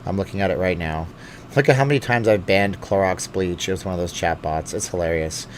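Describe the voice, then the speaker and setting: A man's voice: deep voice, a little fast, a little hiss or hum. Chatty man hosting a live stream. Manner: chatty, jokey, reads comments aloud. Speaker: livestream host. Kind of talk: casual live chat. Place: home studio with hot lights. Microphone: studio microphone.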